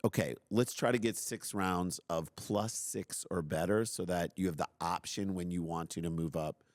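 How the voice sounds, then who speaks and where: Deep-voiced man telling a story animatedly. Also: normal speed, no room sound, studio quality. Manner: animated, self-deprecating, acts out his own outbursts. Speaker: podcast host telling a story. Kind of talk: casual storytelling.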